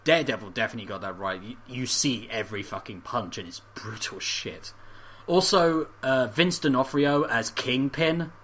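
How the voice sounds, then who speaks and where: A man co-hosting a casual podcast chat, animated and swearing freely, often laughing. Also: mid-range voice, moderate pace. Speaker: podcast co-host.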